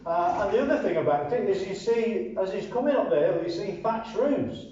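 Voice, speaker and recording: A man's voice: high-pitched, expressive, moderate pace, dark tone, slight background noise. An older man from northern England giving dry, sardonic commentary and reading his own poetry. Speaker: poet and commentator. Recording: roomy, distant, muffled mic with faint ambience.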